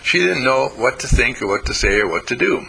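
A man's voice: medium pitch, expressive, fairly quick, gravelly, pushed and bright, husky, poor audio. A man giving a self-help talk, telling stories animatedly and acting out the voices in them. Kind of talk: storytelling talk.

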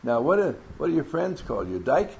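A man's voice: on the high side, big pitch swings, moderate pace, vocal fry, a little mellow. A man leading a workshop, calling out names to his group and teasing them playfully. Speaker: workshop leader taking roll call. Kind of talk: classroom talk to a group.

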